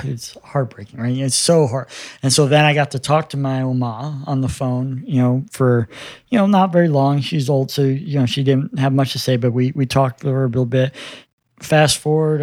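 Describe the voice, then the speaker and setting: The guest, a man in his fifties, recounts his own story in a relaxed interview at a moderate pace. He's earnest and acts out both sides of each exchange. His voice is middle-pitched, and the sound is close and dry, free of room echo.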